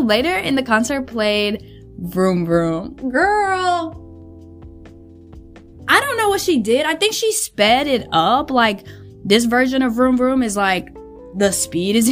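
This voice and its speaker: A young woman hosting a podcast, chatting casually and gushing expressively, swearing freely. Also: a little high. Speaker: podcast host. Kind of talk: casual chat.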